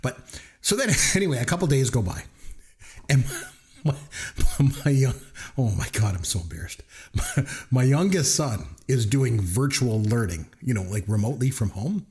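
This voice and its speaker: Animated, laughing Canadian man. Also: medium pitch, normal speed. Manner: animated storyteller, laughs often. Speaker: podcast co-host. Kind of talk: casual chat.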